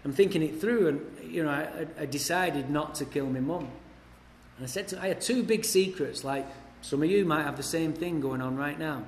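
A man's voice: fairly high pitch, moderate pace, a little hiss or hum. Blunt Englishman telling his story. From England. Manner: blunt, swearing, storytelling with wry humor. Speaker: recovery speaker. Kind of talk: recovery meeting talk. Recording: echoey hall, faint ambience.

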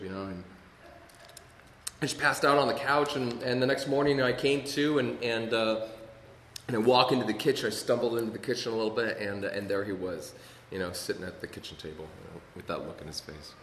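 A fairly low-voiced man shares his personal story with an audience in a large meeting hall. He rambles and uses many fillers, with touches of wry humor. His voice rings out with a long, hall-like reverb over faint background ambience. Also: steady tone, fairly quick, fairly bright tone, slight background noise. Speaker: speaker sharing his story at a recovery meeting.

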